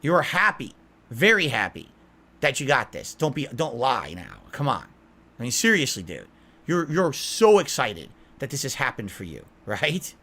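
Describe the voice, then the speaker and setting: A man's voice: medium pitch, wildly swooping pitch, normal speed, pushed and bright. A man in an interview, talking in a rambling, defensive and emotional way. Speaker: content creator being interviewed.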